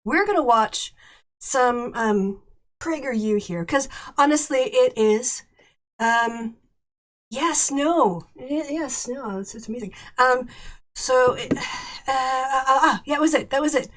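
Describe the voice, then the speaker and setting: A woman hosting a casual political livestream, chatty and halting. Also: high voice, fairly bright tone. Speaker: political commentary host.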